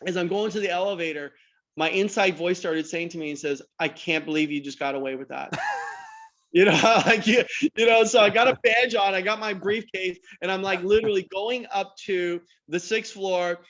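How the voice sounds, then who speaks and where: Man, podcast guest, brisk anecdotes, slightly higher voice, muffled audio. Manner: animated anecdotal storyteller, acts out dialogue. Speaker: guest entrepreneur. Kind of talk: storytelling in a podcast interview.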